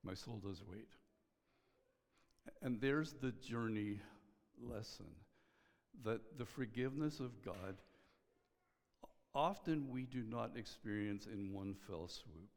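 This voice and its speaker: A middle-aged man, a pastor, preaching a sermon in an earnest, measured way, often dropping to a soft hush. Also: fairly low pitch. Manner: earnest, pausing, drops to a soft hush on key lines. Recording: long hall reverb.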